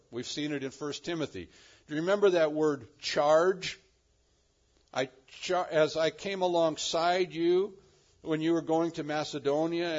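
Man preaching a verse-by-verse sermon. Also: on the high side. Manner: preaching verse by verse, with emphatic rises on key words. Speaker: pastor. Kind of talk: expository sermon. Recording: dull lo-fi sermon recording.

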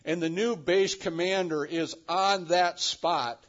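A man's voice: high-pitched, steady tone, slow. Man preaching a verse-by-verse sermon. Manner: preaching verse by verse, with emphatic rises on key words. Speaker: pastor. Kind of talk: expository sermon. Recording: dull lo-fi sermon recording.

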